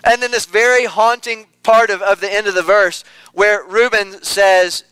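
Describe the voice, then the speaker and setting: A man's voice: sits high, fairly even intonation, moderate pace, sharp tone, clear, resonant tone, dry recording, rough recording. A man preaching an earnest sermon, repeating phrases for emphasis.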